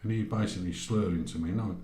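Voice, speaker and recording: A lively man from Great Barr, England, tells a casual travel anecdote as a podcast guest, his medium-pitched voice at normal speed with roomy echo. He's animated, acting out both sides of conversations in quoted voices.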